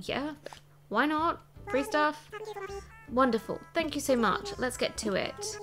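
A woman chatting playfully while she plays a game and thinks out loud, with game music behind. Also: high voice, big pitch swings, slow, pauses often. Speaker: let's play host. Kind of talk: casual gameplay commentary.

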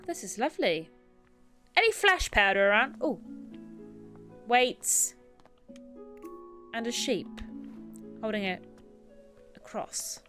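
A woman's voice: sits high, a bit bright. A woman streaming a game, chatting casually, self-mocking and reading game text aloud. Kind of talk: casual gameplay commentary.

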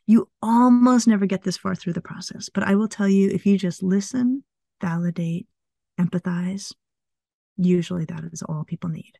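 A middle-aged woman psychologist, a guest in an interview, explaining things calmly step by step. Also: medium pitch, moderate pace, gravelly, dry recording, studio quality.

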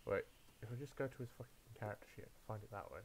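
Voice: mid-range voice, very fast, a little hiss or hum. A game master narrating a tabletop game in a casual manner, swearing when flustered.

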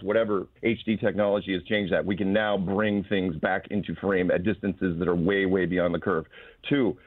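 A man calling in as a radio guest, laying out his points one by one in a brisk, argumentative way. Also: lowish voice, no room sound. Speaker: phone-in guest. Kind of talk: phone interview. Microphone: phone. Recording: tinny phone line.

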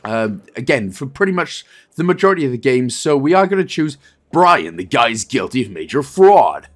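A man's voice: medium pitch, big pitch swings, moderate pace. A man hosting a game walkthrough, talking playfully and joking with made-up wordplay. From Wales. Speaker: gaming guide host.

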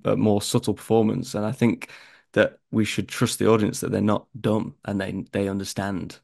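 Gravelly-voiced young Northern English man. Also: fairly low pitch, normal speed. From northern England. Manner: chatty, animated storytelling. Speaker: actor guest. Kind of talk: casual interview chat.

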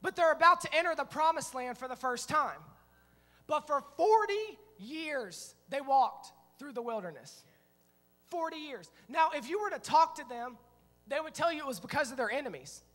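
A middle-aged man preaching a sermon as pastor, telling stories in an animated way and breaking into shouts. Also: very high-pitched, normal speed. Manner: animated storytelling, acting out scenes, bursts of shouting. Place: church sanctuary. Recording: long reverb of a church hall.

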